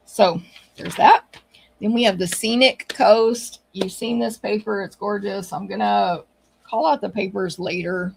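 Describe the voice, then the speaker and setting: A woman's voice: mid-range voice, creaky, a little mellow, slightly rough, poor audio. A woman hosting a casual catalog walkthrough, chatty and gushing, with many fillers. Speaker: craft channel host.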